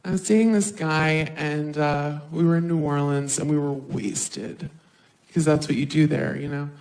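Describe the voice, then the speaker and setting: Animated woman doing stand-up, roomy. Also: sits low. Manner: animated, acts out quick voices for others. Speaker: stand-up comedian. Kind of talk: stand-up comedy set. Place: live comedy stage. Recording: roomy live stage sound.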